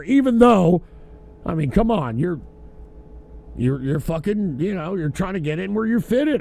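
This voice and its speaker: A tipsy man hosting a call-in livestream, ranting loudly and profanely. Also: high voice, vocal fry. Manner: loud, profane, rambling rant. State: drinking, tipsy. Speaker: host of a call-in livestream show.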